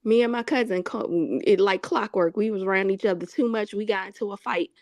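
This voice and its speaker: A woman hosting a casual chat, telling a story with lively acted-out quotes and frequent laughter. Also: medium pitch, brisk, no echo. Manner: animated storyteller, acts out quotes, laughs often. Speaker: host.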